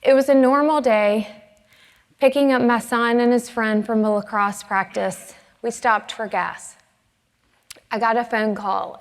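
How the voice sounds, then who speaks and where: A middle-aged woman from the American South gives an earnest, measured conference talk. Her voice has a gravelly edge of vocal fry. It carries with the long reverb of a big hall. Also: a little high. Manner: earnest, measured, emotional retelling. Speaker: conference speaker. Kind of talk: personal storytelling talk. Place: conference stage in a large hall.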